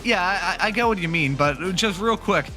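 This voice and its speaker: As lead commentator on a sim racing broadcast, this man sounds chatty and upbeat, cracking jokes between race calls. His voice sits high with lively intonation and a moderate pace, while faint music plays underneath.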